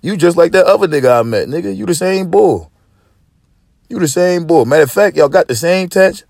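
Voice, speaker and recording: A man's voice: on the high side, animated, brisk, creaky, darkish tone, dry recording, studio quality. A man hosting a podcast, ranting in casual slang with lots of swearing and stop-start restarts. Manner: profane, rambling, with frequent restarts; preachy street-slang delivery. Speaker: podcast host.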